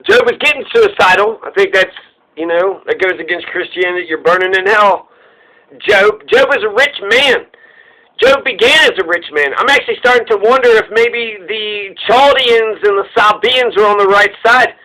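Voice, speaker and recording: A man's voice: sits high, normal speed, pushed and bright, poor audio. A man giving casual, irreverent commentary, ranting with plenty of profanity. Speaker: podcast host.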